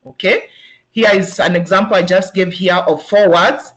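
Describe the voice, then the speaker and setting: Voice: medium pitch, a little fast, fairly bright tone, a little hiss or hum. A presenter from Kenya with a Kenyan accent, giving an instructional webinar talk to teachers and patiently sounding out words syllable by syllable.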